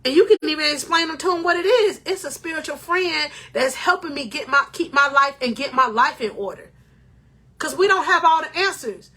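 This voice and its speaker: Bright high-voiced woman life coach. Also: lively intonation, moderate pace. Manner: emotional, preachy, addresses viewers as king or queen. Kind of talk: motivational talk to camera.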